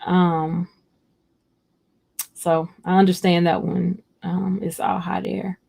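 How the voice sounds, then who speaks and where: A woman's low, mellow, slightly rough voice, touched with vocal fry, moves slowly and in a level tone as she hosts a casual livestream. She reads viewer comments and replies in a rambling, heartfelt, chatty manner, addressing her viewers directly.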